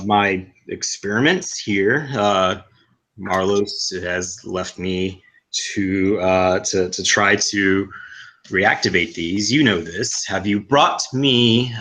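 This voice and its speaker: A man's voice: on the low side, fairly bright tone. A man voicing a smug, scheming male sorcerer in a tabletop game, oily and mock-polite.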